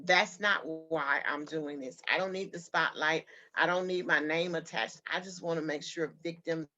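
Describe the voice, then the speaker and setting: Bright-voiced woman telling her story. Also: sits low, normal speed, soft background music. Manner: earnest, heartfelt storytelling. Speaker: guest. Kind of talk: personal story in an interview.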